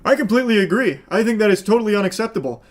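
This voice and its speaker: Man, reaction commentator, sarcastic profane rant, higher pitch. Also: expressive, racing.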